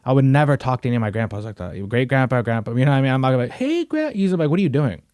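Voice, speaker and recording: A man's voice: medium pitch, rapid-fire, a little mellow, dry recording, studio quality. A young man hosting a podcast, chatting casually in a slangy, rambling way full of "bro" and "you know what I mean". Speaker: podcast host. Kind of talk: casual chat.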